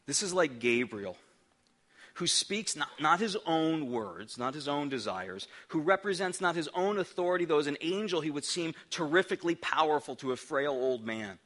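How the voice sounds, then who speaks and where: A man's voice: a little high, sing-song, moderate pace, a bit bright. A middle-aged man preaching a sermon as a pastor, earnest and emphatic, often restarting his words.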